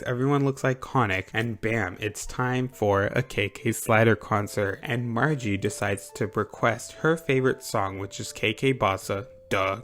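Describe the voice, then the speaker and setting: Young man, comedic movie recap, sarcastic, dramatic, sweary, middle-pitched voice. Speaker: YouTube host.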